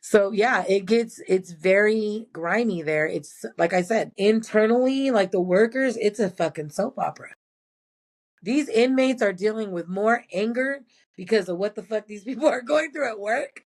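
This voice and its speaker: A woman's voice: mid-range voice, normal speed, darkish tone. A former prison nurse, a woman, telling blunt and profane stories in a casual interview.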